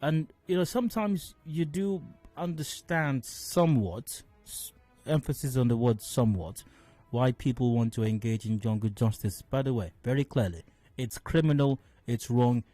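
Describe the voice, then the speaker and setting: A man with a Nigerian accent giving radio commentary as a talk show host, measured and full of fillers and restarts. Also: mid-range voice, warm tone, dry recording, soft background music. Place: radio studio.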